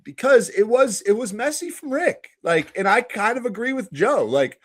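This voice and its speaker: Male co-host, slightly high voice with lively swings, easygoing and halting, chuckles between points. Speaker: podcast co-host. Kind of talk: casual TV recap chat.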